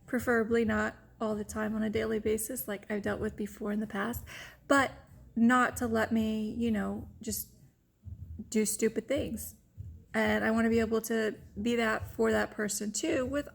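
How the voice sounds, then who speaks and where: Woman vlogger rambling thru a personal story, lots of "like", kinda high voice w/ vocal fry. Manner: open, rambling, heavy use of "like" and "you know". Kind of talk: candid personal storytelling to camera.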